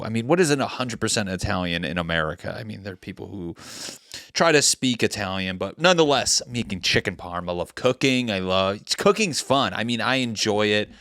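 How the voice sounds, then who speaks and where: A man's voice: lowish voice, fairly bright tone, smooth, dry recording, studio quality. A man in his thirties hosting a comedy podcast, ranting in a rambling, heated way with many restarts. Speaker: podcast host.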